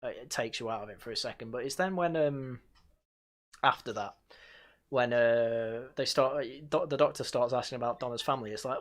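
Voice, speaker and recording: A man's voice: mid-range voice, brisk. A man hosting a casual review stream, talking sarcastically with lots of fillers and sighs. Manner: sarcastic, frequent fillers and sighs, mocks by quoting. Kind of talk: casual sardonic review chat.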